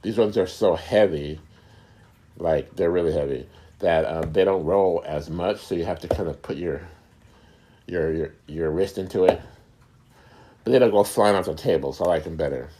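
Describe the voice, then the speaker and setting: A middle-aged man hosting a casual talk, explaining things in an unhurried way, often searching for words and repeating himself. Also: sits low, dark tone. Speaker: host.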